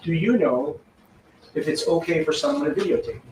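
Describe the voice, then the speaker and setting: A man cross-examining a witness in court, pressing with quick questions and demanding yes-or-no answers. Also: on the high side, animated, a little mellow. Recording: echoey, distant, noisy courtroom audio.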